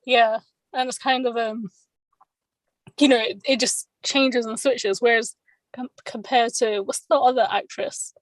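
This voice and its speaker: A woman's voice: fairly high pitch, fairly even intonation, a little slow, dry recording, poor audio. A woman chatting casually, laughing often and filling her talk with "like" and "you know". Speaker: podcast guest. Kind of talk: casual chat.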